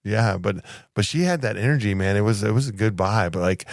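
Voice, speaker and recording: A man's voice: on the low side, a little fast, dry recording, clean studio sound. A man co-hosting a podcast, telling crew stories in loose casual chat full of restarts and fillers. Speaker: podcast co-host, flight attendant.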